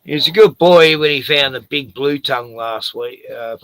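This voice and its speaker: A man's voice: mid-range voice, moderate pace, fairly bright tone, clean tone, no echo. A man chatting casually on a home stream, crude and joking, swearing freely. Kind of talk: casual chat. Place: home at night, door open to yard.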